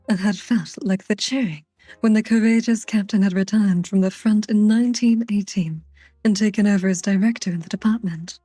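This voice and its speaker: A woman hosting a stream, reading a book aloud in a soft ASMR manner with playful teasing asides. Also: medium pitch, steady tone, moderate pace, no echo, soft background music.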